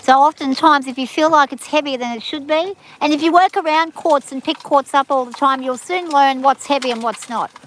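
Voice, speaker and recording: Woman, rural Australian accent, high voice, blunt folksy talk, outdoors by a creek. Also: a little fast, hardly any pauses, a little hiss or hum. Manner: plain-spoken, blunt and folksy. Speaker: prospecting livestream co-host. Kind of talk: casual explanatory chat.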